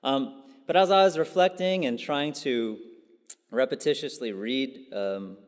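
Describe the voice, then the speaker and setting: A pastor giving a casual, conversational sermon, full of fillers and asides. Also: male voice, mid-range voice, a little slow. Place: church sanctuary. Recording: long church hall reverb.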